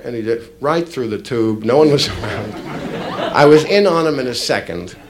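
A man doing a stand-up comedy routine, telling a story with lively asides to a live audience. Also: medium pitch, a little fast. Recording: live club with loud audience laughter.

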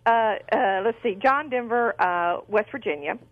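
A woman's voice: a little high, unhurried, no room sound, lo-fi sound. A woman calling in to a radio show, chatting eagerly and giggling as she talks. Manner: chatty, giggly, warm-hearted. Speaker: caller. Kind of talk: casual call-in chat.

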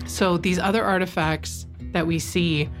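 Female expert interviewee, very low voice, engaged and emphatic, faint music bed. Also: fairly even intonation, a little slow. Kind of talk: interview explanation.

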